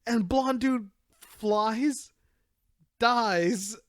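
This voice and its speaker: A man's voice: very high voice, extremely slow, no room sound, clean studio sound. A young man co-hosting a casual anime review podcast, recapping scenes and acting out the characters' lines. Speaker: podcast co-host.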